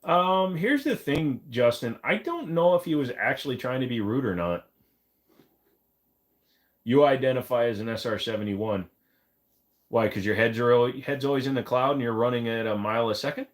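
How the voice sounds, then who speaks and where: A man's voice: medium pitch, animated, normal speed. A man hosting a livestream, answering chat comments in a loose, rambling, joking way. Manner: rambling, joking, lots of fillers. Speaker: live stream host. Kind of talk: casual live chat reading comments.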